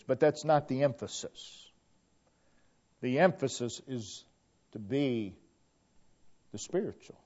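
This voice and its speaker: Earnest preaching man, lo-fi recording. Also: mellow. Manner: earnest, repeats key phrases, rises to emphatic peaks then drops low. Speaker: pastor. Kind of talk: sermon. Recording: dull lo-fi church recording.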